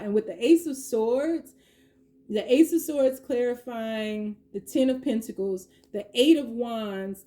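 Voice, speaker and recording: A woman giving a chatty tarot reading, slangy and playful, with quick asides. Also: on the high side, darkish tone, slight background noise. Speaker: tarot reader. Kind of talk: casual tarot reading monologue.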